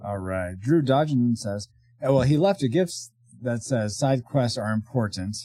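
A man's voice: mid-range voice, expressive, a little slow, mellow, no room sound, clean studio sound. A man co-hosting a retro game podcast in casual chat, exclaiming often. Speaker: podcast co-host.

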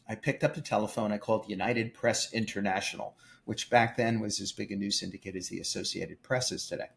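An older man, a film producer, telling emphatic, animated stories in an interview. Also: fairly low pitch, creaky. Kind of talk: storytelling interview.

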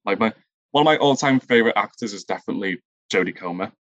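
A man answering interview questions about improv, talking haltingly and often searching for the right word. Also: on the low side, animated, fairly bright tone, no echo. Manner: halting, searches for words, many fillers. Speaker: improv performer, guest.

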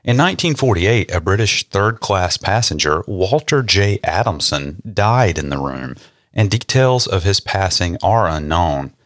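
A man's voice: sits low, very animated, measured pace, fairly bright tone, no echo, clean studio sound. A young man co-hosting a podcast, reading history facts and joking about them. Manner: joking, reads facts then riffs. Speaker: podcast co-host. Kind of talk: casual chat and read history.

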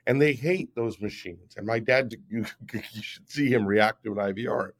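A man's voice: fairly low pitch, moderate pace. A man in his fifties, a guest on an interview show, explaining at length in an emphatic way and often checking in with "right?". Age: 50s. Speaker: guest, app founder. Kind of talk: podcast interview.

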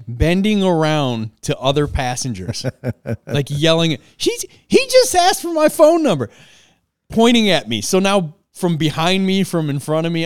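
A man casually telling an animated, self-mocking story and laughing along the way. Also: on the high side, clear, resonant tone, dry recording, clean studio sound.

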